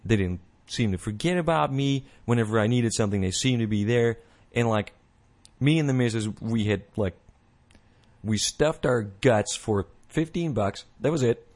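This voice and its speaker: A man in the middle of his own show, rambling through a casual monologue with restarts and mocking put-on voices. His pitch is ordinary for a man, not especially high or low. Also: normal speed, darkish tone. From United States. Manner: rambling, many restarts and fillers, mock voices. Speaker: podcast host.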